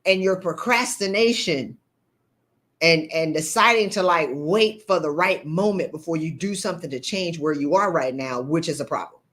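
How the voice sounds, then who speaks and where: A woman coach, talking bluntly to viewers on a live stream and preaching at them with animated energy. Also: low voice, normal speed. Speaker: leadership coach. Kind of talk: live-stream motivational talk.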